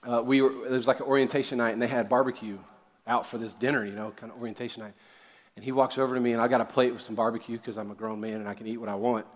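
A man preaching a sermon as a pastor, conversational and joking, with sudden loud emphasis on key words. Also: mid-range voice, level tone, racing. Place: church auditorium. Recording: reverberant large hall.

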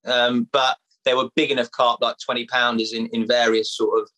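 A man's voice: medium pitch, little pitch movement, moderate pace, pushed and bright, poor audio. A man in his thirties from England, chatting casually as a podcast guest about fishing, with lots of "like" and "mate". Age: 30s. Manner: chatty, laid-back, says "mate" and "like" a lot. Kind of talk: casual chat.

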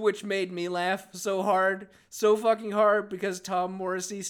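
A man's voice: a little slow, hardly any pauses, clean tone. A man co-hosting a book review podcast, chatting casually and sarcastically, reading passages aloud with mock emphasis. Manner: animated, sarcastic, jumps up in pitch for jokes. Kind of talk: casual comedic chat with read-aloud passages.

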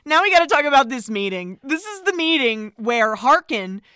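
Brief: high-pitched, lively woman, bright tone, dry close mic. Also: normal speed, clean tone, dry recording. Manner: expressive, outraged commentary. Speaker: podcast co-host. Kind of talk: casual film recap chat.

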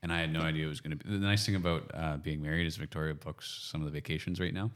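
A Canadian man hosting a podcast, chatting casually and rambling with frequent self-corrections and quick laughs. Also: extremely low pitch, steady tone, clear, resonant tone. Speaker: podcast host. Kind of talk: casual chat.

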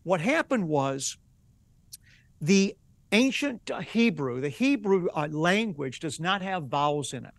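A man with a notably high speaking voice explains ideas patiently, laying out examples one by one. His delivery is earnest and instructive, like a teacher in a broadcast interview. The sound is dry and close. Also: lively intonation, a little slow, dry recording. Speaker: rabbi and Bible teacher, interview guest.

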